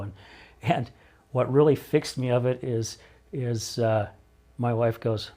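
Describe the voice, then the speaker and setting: A man's voice: mid-range voice, steady tone, a little slow, warm tone. A middle-aged man speaking as a podcast guest, talking openly and emotionally with frequent restarts. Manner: emotional, open, rambling with repeated starts. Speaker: podcast guest, recovery coach. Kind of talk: candid interview conversation.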